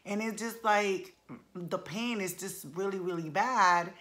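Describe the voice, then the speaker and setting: A woman's voice: mid-range voice, a little slow, a bit bright. A woman in her forties chatting casually to her viewers, full of slang and calling them y'all. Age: 40s. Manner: colloquial, playful slang. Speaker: vlogger. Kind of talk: casual chat.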